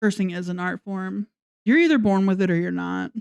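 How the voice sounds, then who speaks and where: A woman's voice: mid-range voice, brisk, creaky, smooth, no echo. A woman ranting in a casual commentary vlog, sarcastic and mocking, swearing often. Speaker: commentary vlogger.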